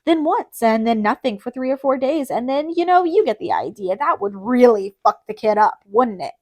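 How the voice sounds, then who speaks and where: A hard-edged young man, blunt and streetwise, who swears freely and does not back down, as read by a woman narrator. His lines come a touch higher than her narration. Audiobook reading. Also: animated, normal speed, darkish tone. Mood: wry. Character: tough young male junkie, quick-tempered and blunt.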